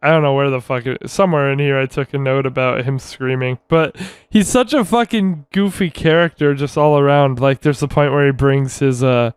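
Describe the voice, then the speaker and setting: A man's voice: mid-range voice, normal speed, hardly any pauses, smooth, no room sound. A man co-hosting a podcast in casual chat, swearing freely and laughing a lot. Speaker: podcast co-host.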